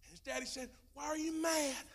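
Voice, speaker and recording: A male pastor preaching a sermon with passion, dropping to a hush and then rising to shouts, in folksy Southern speech. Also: very high-pitched, fairly even intonation, brisk, gravelly. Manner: impassioned preaching, swinging from hushed to shouting. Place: church sanctuary.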